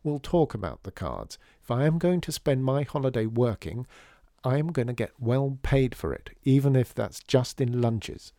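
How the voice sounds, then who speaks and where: A man's voice: mid-range voice, animated, normal speed, warm tone, no echo, pitched above the performer's own voice, natural voice. A man voicing a wry grown woman neighbour in a storybook reading, with a dry, teasing manner.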